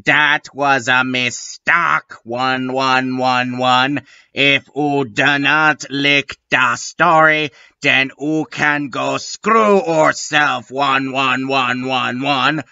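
A man's voice: medium pitch, fairly even intonation, very slow, sharp tone, clean tone, dry recording, lo-fi sound. A man doing a comic dramatic reading with dry, sarcastic asides. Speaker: reader.

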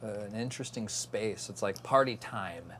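A man's voice: lowish voice, moderate pace, a bit bright, slight background noise. A man hosting a casual guitar show, talking in a playful, rambling way and laughing easily. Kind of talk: casual chat about guitar.

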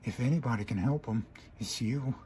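A man's voice: medium pitch, fairly quick, warm tone, slight background noise, lightly acted. A man voicing a brash, tomboyish female pegasus pony who talks casually while trying to comfort a friend in a fan story reading. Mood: coaxing. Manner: coaxing, casual.

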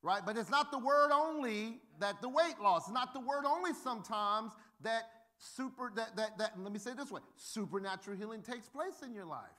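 An extremely high-pitched male pastor preaches at a moderate pace with hardly any pauses. His sermon is animated and humorous, built on funny stories where he performs the characters' voices.

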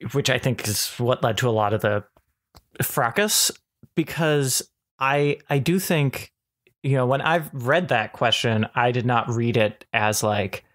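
A man talks through his point on a casual podcast, stopping and starting as he works it out. His pitch sits in the middle of the usual range for a man. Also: fairly bright tone. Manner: halting, thinks aloud with many restarts. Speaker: podcast co-host.

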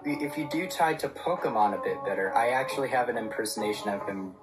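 A man chatting in a calm, friendly way over a video call. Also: medium pitch, quick pace, over music.

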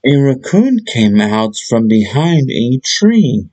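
A man reads a children's bedtime story very slowly and deliberately. His pitch rises and falls a lot as he tells it, giving the telling an expressive, lively lilt. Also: poor audio.

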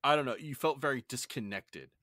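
A man's voice: medium pitch, expressive, a little fast, pushed and bright. A man hosting a podcast in casual chat, rambling and apologizing for his rants. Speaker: podcast host.

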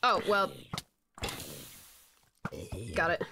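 A woman's voice: medium pitch, drawn-out words, background noise. A young adult woman streaming a game, chatting casually, swearing and thanking followers. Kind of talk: casual gaming stream chat.

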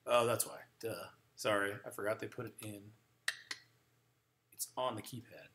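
A male teacher runs a live music software demo in a classroom, muttering to himself as he searches the screen. He wanders away from the mic now and then, so the level dips. A faint hiss sits under the recording. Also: lowish voice, moderate pace. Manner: thinking aloud, muttering while searching the screen. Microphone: moves around the room away from the mic.

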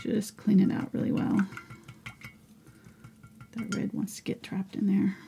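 A woman teaching a live painting lesson in a breathy, soft voice, often mumbling as if talking to herself. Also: mid-range voice, flat delivery, unhurried, a little hiss or hum. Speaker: painting instructor.

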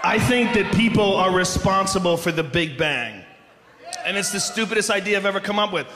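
A man doing live stand-up comedy, ranting loudly and animatedly with lots of profanity. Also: high voice, brisk, a crowd in the background. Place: large theater stage. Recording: echoey hall with audience noise.

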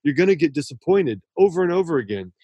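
A man's voice: fairly high pitch, big pitch swings, fast, mellow, husky, no echo. A man speaking as a guest author in a casual podcast interview, earnest and effusive, often restarting his sentences.

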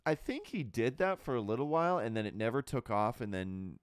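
A man's voice: medium pitch, big pitch swings, a little fast, smooth, no room sound, clean studio sound. A man hosting his own podcast, giving candid, rambling opinions in a casual monologue full of fillers and restarts. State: burping and hiccuping. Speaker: podcast host.

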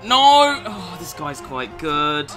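Young gamer, high and very animated, foul-mouthed, drops to mutters then erupts. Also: male voice, slow, soft background music. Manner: swears constantly, swings from low muttering to shouting. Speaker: gaming YouTuber. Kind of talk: gameplay commentary.

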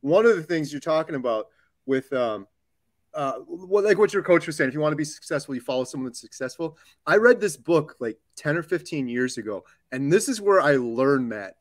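A male live stream host with a slightly high voice talks with enthusiasm and often stammers at the start of his sentences. The sound is dry and close. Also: lively intonation, fairly quick, dry recording. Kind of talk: casual chat.

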